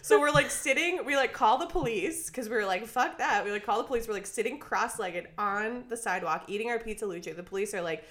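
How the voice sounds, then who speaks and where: Bright, chatty young woman telling a story. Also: fairly high pitch, fairly quick, hardly any pauses. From Minnesota, US. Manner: animated, acts out quotes, says "like" constantly. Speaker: podcast co-host. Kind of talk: casual storytelling chat.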